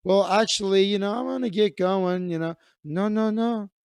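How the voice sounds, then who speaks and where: A man's voice: high-pitched, moderate pace, vocal fry, clear, resonant tone, no echo, pitched above the performer's own voice. A man voicing an insistent, hospitable Mexican party host in his fifties, with a put-on Mexican Spanish accent and broken English. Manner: pushy, generous, broken English.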